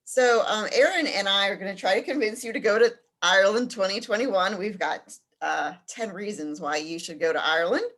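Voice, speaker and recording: A woman's voice: mid-range voice, brisk, fairly bright tone. A woman giving an informal info session about a study-abroad trip, often hesitating with fillers and restarts. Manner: hesitant, many ums and restarts.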